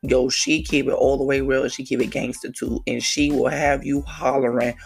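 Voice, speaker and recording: A podcast host from New with a gravelly, croaky voice that sits at a middle pitch. The talk is a casual, hyped monologue packed with slang and quick shout-outs. Faint music plays underneath. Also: little pitch movement. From New York City. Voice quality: croaky, frog-like voice.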